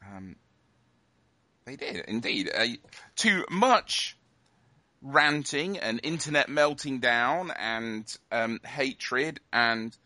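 A man's voice: mid-range voice, expressive, extremely slow, pushed and bright, dry recording. A man hosting a casual podcast, wry and joking, rambling with fillers. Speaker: podcast host.

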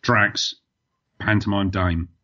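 A man's voice: fairly low pitch, steady tone, slow pace, pushed and bright. A man co-hosting a casual radio chat about films, with dry, teasing banter. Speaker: radio co-host. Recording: slightly dull lo-fi sound.

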